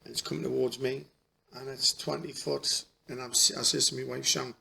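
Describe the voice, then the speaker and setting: A middle-aged man telling a personal story in a halting, emotional way, restarting his sentences often. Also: medium pitch, flat delivery, vocal fry, pushed and bright, a little hiss or hum. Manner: halting, repeats and restarts, folksy dialect. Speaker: spiritual healer.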